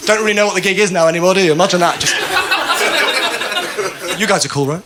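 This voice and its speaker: A male stand-up comic with a high voice rambles chattily through his set, swearing freely. A loud laughing audience fills the room. Heavy hiss sits under the recording. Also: fast talker, a loud crowd. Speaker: stand-up comedian. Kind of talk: stand-up routine.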